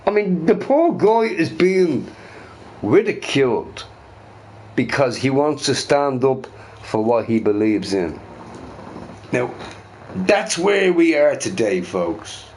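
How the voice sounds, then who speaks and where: A man's voice: mid-range voice, big pitch swings, takes it slowly, pauses often, a little mellow, a little hiss or hum, low-quality recording. A drunk Irish man with a Dublin accent ranting in a heated, profane monologue and repeating himself. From Ireland.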